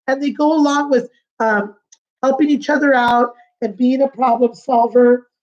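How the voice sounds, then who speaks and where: A woman teaching a remote lesson to young children, patient and sing-song, repeating words slowly. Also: high voice, fairly even intonation, a little mellow, muffled recording. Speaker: kindergarten teacher.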